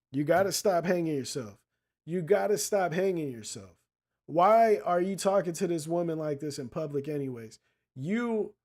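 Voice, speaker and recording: A slightly high-voiced man hosts his own casual commentary show, talking straight to the listener. He is blunt and profane, heavy on street slang, and mixes retelling a story with advice to the fellas. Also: mellow. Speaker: podcast host.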